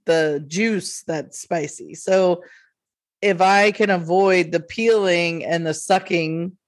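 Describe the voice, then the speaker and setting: A woman's voice: lowish voice, slow. A woman, co-hosting a podcast, telling a story in a rambling way full of fillers. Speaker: podcast co-host. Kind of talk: casual chat.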